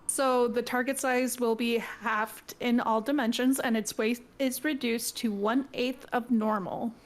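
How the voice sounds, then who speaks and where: A woman taking part in a tabletop game, switching between chat and reading rules aloud. Her voice sits high. She keeps it chatty and practical. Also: fairly even intonation, a little slow. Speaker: player.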